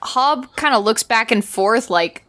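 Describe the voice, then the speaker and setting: A woman's voice: fairly high pitch, animated, unhurried, fairly bright tone. A woman playing a tabletop game, narrating her character with wry, chatty asides. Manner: wry, chatty, lots of fillers. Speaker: player. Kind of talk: casual tabletop game play.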